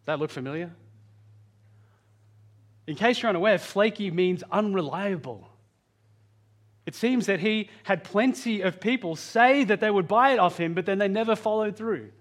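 Earnest high-voiced man preaching. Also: moderate pace, pauses often. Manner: earnest, varies pitch and pace for emphasis. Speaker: pastor. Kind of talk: sermon.

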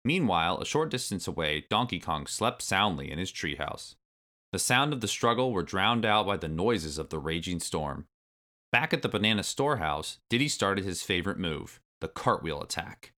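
Deep bright-toned guy reading a kids storybook, lively up and down. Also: normal speed. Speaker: narrator. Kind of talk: storybook read-aloud.

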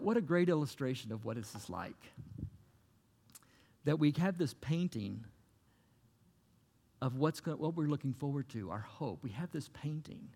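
A man preaches in an earnest, conversational way, circling back to key phrases. His mid-pitched voice has a gravelly, fried edge. A long hall reverb trails after each phrase. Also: mellow. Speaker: pastor. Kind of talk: sermon.

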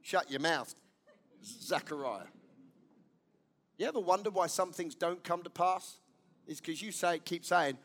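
Man, pastor, sermon, high-pitched, emphatic, repeats key lines, questions the congregation. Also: animated, unhurried, long pauses, fairly bright tone.

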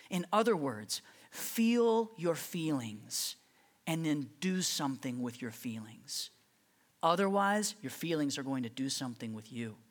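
A pastor with a medium-pitched voice preaches in an animated, conversational manner, packing the sermon with rhetorical questions.

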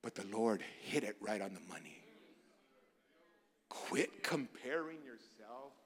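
A man preaching a sermon as a pastor, moving from quiet asides to loud, urgent exhortations. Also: fairly low pitch, big pitch swings, slow pace. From barrio in the United States.

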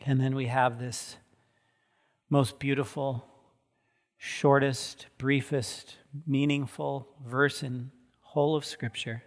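A man's voice: medium pitch, level tone, slow. A man giving a sermon as pastor, earnest and emphatic, repeating key words for weight. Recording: long hall reverb.

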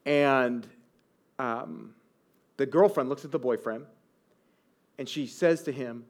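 A man in his thirties preaching a sermon as a pastor, conversational and animated, often asking the listeners rhetorical questions. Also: mid-range voice, slow pace, long pauses.

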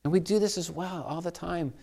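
A man's voice: high voice, a little fast, vocal fry, darkish tone. A man preaching a sermon as a pastor, telling stories in a conversational way and asking his listeners questions.

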